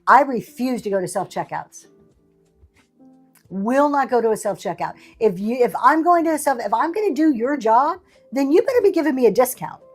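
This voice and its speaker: Chatty, sassy woman livestream host. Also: on the high side. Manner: chatty, sassy, laughing asides. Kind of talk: casual chat.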